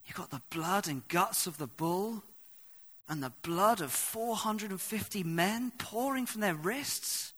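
Bright-voiced man preaching a sermon. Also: a little high, breathy edge. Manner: dramatic, swings from hushed to loud when reading. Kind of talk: sermon reading and explaining scripture.

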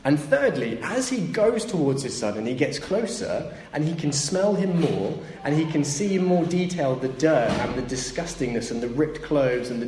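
A man's voice: fairly high pitch, a little mellow, a little hiss or hum. Man, preacher, sermon, storytelling, reverberant hall, faint room ambience. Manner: storytelling, acts out voices of the story's characters.

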